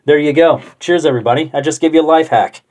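A man's voice: fairly high pitch, quick pace, a little mellow. Chatty rambling man. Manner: chatty, self-talking, swears casually. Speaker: vlogger. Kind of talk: casual rambling monologue.

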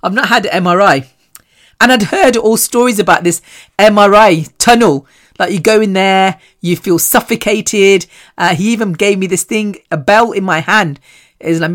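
A woman hosts her own podcast, telling personal stories in a lively, chatty way. She laughs often, and her mid-range voice swings up and down as she talks. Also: normal speed. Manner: animated and chatty, with frequent laughs and big swings in pitch. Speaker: podcast host. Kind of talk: solo personal storytelling.

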